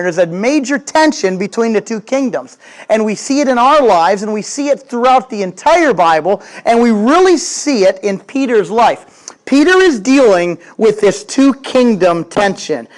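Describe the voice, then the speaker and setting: A man's voice: high voice, sing-song, normal speed. A man preaching a sermon, telling a Bible story in a chatty way, with jokes and acted-out quotes, and talking straight to his congregation. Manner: conversational, addresses the congregation directly. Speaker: pastor.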